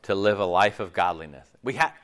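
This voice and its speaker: A man preaching a sermon in an animated way, checking in with his listeners often. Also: deep voice, fairly quick. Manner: animated, acts out quoted voices, checks in with "right?" and "okay?".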